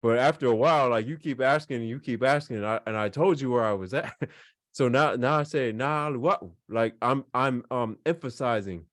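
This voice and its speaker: A man's voice: medium pitch, brisk, no echo, clean studio sound. A man teaching a beginners' language class, explaining casually with lots of fillers and repeated examples. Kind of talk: online class lesson.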